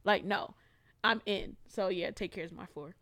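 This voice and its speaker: A woman's voice: mid-range voice, moderate pace, a bit bright. A woman co-hosting a podcast in casual chat, talking emphatically, teasing the others and laughing often. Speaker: podcast co-host.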